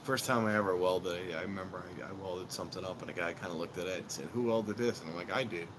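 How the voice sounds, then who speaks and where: Middle-aged guy on a stream, lowish voice, rambly self-mocking chat, faint outdoor hum behind. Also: steady tone, racing. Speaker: live streamer. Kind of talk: casual live-stream chat.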